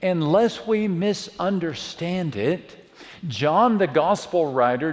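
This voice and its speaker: A man preaching a sermon to a church, dramatic, swinging from hushed words to loud calls. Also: fairly high pitch. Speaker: pastor. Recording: long reverb of a church hall.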